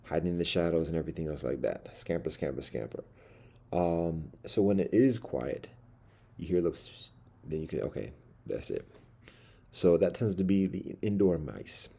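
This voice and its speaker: A man with a low, gravelly, husky voice rambles through a story in a dim candlelit room. His delivery is wordy and dark-toned, full of fillers and false starts. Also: expressive, moderate pace. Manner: wordy, many fillers and restarts.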